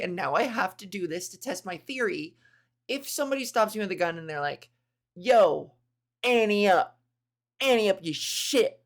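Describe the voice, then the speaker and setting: A woman comedian hosting her podcast, riffing in a rambling, profane, self-interrupting monologue. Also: medium pitch.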